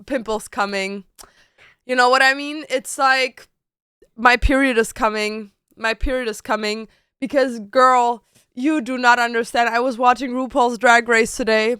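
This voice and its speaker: A chatty woman streamer talks casually to her viewers from her bedroom. Her voice is bright, crisp and a little high. The sound is close and dry, with little room in it. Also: a little slow, no room sound. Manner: chatty, slangy and expressive, with frequent "like". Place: home bedroom.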